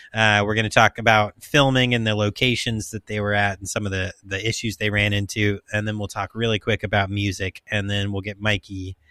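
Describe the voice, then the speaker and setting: Podcast host guy, super bright punchy voice, dry close sound, jokey and swears a lot. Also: on the low side, clear, resonant tone, dry recording. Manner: joking, swears freely, loose asides. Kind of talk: casual podcast chat, reading a plot summary.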